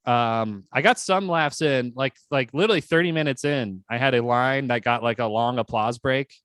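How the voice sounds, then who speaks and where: Animated man telling a story in a dry room. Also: normal speed, no echo. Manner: animated storyteller, acts out quotes with sudden high yelps. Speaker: podcast co-host. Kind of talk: casual chat.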